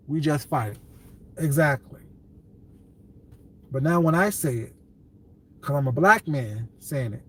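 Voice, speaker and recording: A man's voice: mid-range voice, vocal fry, a little hiss or hum. Blunt, dismissive male livestreamer. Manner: blunt and dismissive, calls viewers baby; laughs often, talks back to chat. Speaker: livestream host reading viewer comments. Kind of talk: casual livestream chat.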